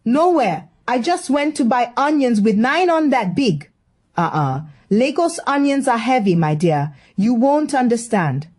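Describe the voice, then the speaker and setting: A woman's voice: fairly high pitch, sing-song, a little slow, darkish tone. A woman voicing a bossy, meddling middle-aged auntie, preachy and scolding with dramatic exclamations.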